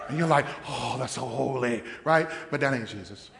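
A man preaching a sermon as pastor, dramatic, swinging from hushed asides to shouts. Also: medium pitch, moderate pace, vocal fry, big-room sound, crowd noise.

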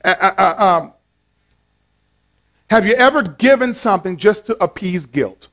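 A pastor preaching a playful, animated sermon with call-and-response to his congregation. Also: sits high, measured pace.

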